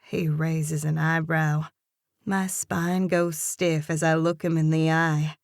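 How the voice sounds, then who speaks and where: Expressive female narrator reading a romcom audiobook, low pitch, dry close sound. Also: takes it slowly, no echo. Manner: expressive, lively character reading. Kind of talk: first-person romance audiobook narration.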